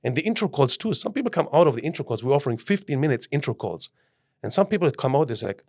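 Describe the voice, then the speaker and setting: Fast-talking man telling animated stories. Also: medium pitch. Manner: animated, acts out quotes with lots of "bro" and "like". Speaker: guest, self-leadership coach. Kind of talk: casual podcast storytelling.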